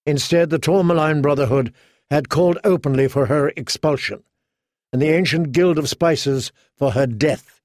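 A man reading a fantasy novel aloud in steady, measured scripted narration. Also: on the high side, no room sound, studio quality. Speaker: audiobook narrator.

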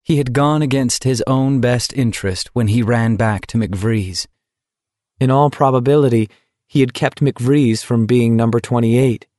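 A man narrating an audiobook with a steady, measured reading. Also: mid-range voice, no echo, studio quality. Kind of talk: scripted narration.

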